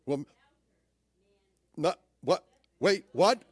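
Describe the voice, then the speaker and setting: A high-voiced man gives a lecture on audio description, playfully demonstrating inflection through theatrical shifts in emphasis. The recording is dry.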